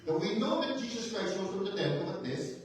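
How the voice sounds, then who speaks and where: A man's voice: high-pitched, big pitch swings, brisk, slight background noise. A male pastor preaching a sermon with emphatic rhetorical questions, building to fervent intensity. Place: church sanctuary. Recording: very echoey church hall, mic at a distance.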